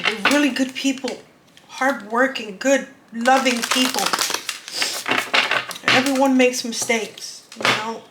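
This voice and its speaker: A woman's voice: fairly high pitch, fairly even intonation, unhurried, heavy background noise. A woman giving an intuitive card reading to her viewers. She talks earnestly, repeats words and urges her listeners on. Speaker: spiritual card reader.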